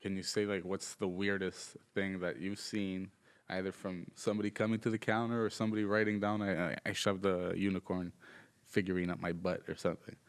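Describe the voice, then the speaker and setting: Male podcast co-host, lowish voice, casual, jokey prompter. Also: little pitch movement, fairly quick. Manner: prompting, joking interviewer who swears. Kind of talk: casual chat.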